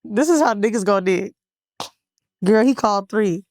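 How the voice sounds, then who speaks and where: A woman co-hosting a podcast, telling a long story in casual, profane chat with lively voiced quotes. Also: mid-range voice, moderate pace. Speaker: podcast co-host.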